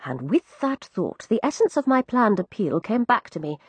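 Husky, expressive woman narrating a novel. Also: mid-range voice, moderate pace, no room sound. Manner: expressive, crisp storytelling. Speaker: audiobook narrator. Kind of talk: first-person audiobook narration.

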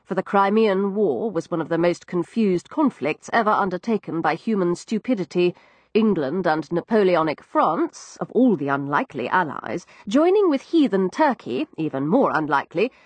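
A woman narrates a first-person novel in crisp, expressive audiobook style. Her pitch rises and falls in wide, lively sweeps. The recording is dry and close. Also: moderate pace, dry recording.

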